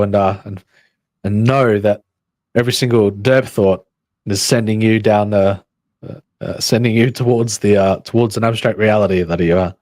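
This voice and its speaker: A man hosting a livestream, musing in a halting way and reading chat comments aloud. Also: fairly low pitch, a little mellow, no echo. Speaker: livestream host.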